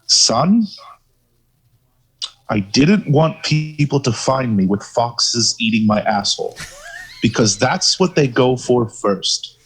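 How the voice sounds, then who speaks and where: A man quoting his gruff, blunt older father in a plain, curt delivery, with a husky voice. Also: mid-range voice, lively intonation, slow pace, fairly bright tone, voice pushed down, exaggerated voice, poor audio.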